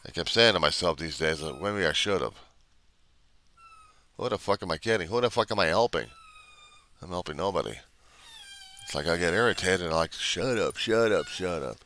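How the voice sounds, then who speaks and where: A man's voice: low voice, lively intonation, fairly quick, long pauses, sharp tone, a little hiss or hum. Blunt, profane man in a confessional vlog. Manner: blunt, profane, rambling and self-questioning. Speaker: recovery video diarist. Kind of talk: unscripted confessional monologue.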